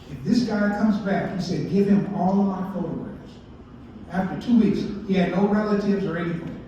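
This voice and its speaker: A man's voice: high-pitched, mellow, slight background noise. A man in his sixties, a baseball historian giving a folksy storytelling talk and asking his audience questions. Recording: echoey hall, distant mic, muffled.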